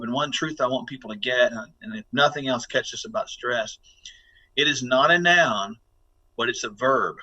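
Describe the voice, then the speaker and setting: A man's voice: mid-range voice, sharp tone, rough recording. A man giving instructive, emphatic advice on a podcast interview, often repeating words as he starts a sentence. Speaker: guest wellness speaker. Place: office building.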